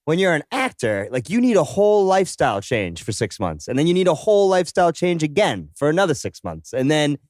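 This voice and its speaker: A man on a film podcast chats with a lively, bouncing pitch and a slightly higher voice. He laughs easily and drops in movie quotes as he goes. The sound is close and dry. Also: fast talker, few pauses, dry recording. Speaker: podcast co-host. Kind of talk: casual film chat.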